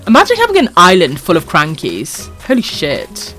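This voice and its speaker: Welsh woman streamer, animated pitch, affectionate, foul-mouthed, laughs a lot. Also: moderate pace, faint music behind. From Wales. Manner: affectionate, swears freely, laughs often. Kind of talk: casual live-stream chat reading comments.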